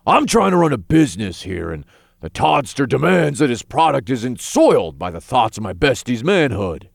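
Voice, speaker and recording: A man voicing a tiny, excitable male imp who deals weed, talking loud and bossy in an audiobook. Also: mid-range voice, normal speed, creaky, dry recording, clean studio sound, pitched above the performer's own voice. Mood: excited.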